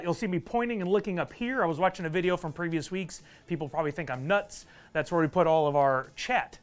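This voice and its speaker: A man from Texas, hosting a live stream in a casual, upbeat way and greeting viewers by name. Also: fairly high pitch. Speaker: livestream host.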